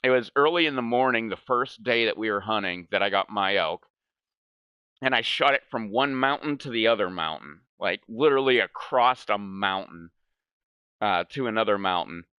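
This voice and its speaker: A man's voice: on the low side, lively intonation, moderate pace, smooth, no echo, highs cut off. A man hosting a gaming channel, telling a story in casual chat. He rambles, swears a lot and keeps saying "like". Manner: rambling, profane, fills speech with "like".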